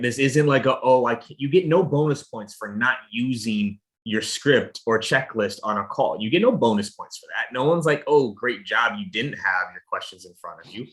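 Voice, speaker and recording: A male podcast host talks emphatically, often turning to address his listeners directly. His pitch swings widely as he stresses his points. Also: a bit bright. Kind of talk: conversational podcast interview.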